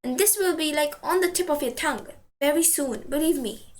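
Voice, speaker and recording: A woman teaching a language lesson, patiently saying each word twice and slowly for practice. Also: high-pitched, expressive, a little hiss or hum.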